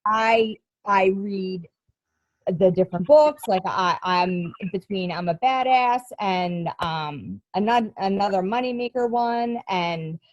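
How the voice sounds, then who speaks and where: A woman coach sharing her frustrations in a group call, speaking in a halting way with many restarts. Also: mid-range voice, no echo, dull audio.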